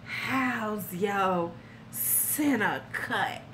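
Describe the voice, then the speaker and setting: A creepy, cheap older man, as a woman mimics him, speaks in a slow, hushed, leering way. His voice drops low and quiet, and he drags the words out. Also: a little hiss or hum.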